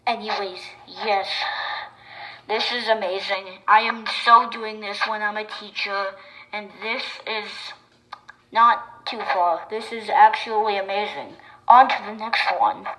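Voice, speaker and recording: A woman giving chatty, excitable reaction commentary to her viewers, with sudden loud bursts. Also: mid-range voice, a little slow, low-quality recording. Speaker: video creator.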